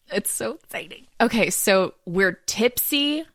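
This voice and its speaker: Excitable giggly woman podcast co-host. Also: fairly high pitch, no echo, studio quality. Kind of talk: casual comedic chat. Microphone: headphones with studio mic.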